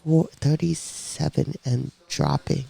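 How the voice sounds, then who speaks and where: Woman chatting on a podcast, bit gravelly, acts out everybody's lines as she goes. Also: sits low, takes it slowly. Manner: lively, acts out quoted voices. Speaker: podcast guest sharing her story. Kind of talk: casual personal storytelling.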